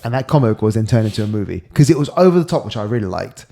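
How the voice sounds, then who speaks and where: A man's voice: lowish voice, sing-song, racing, creaky, warm tone. A man co-hosting a podcast in casual chat, jokey, blunt and offhand. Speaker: podcast co-host.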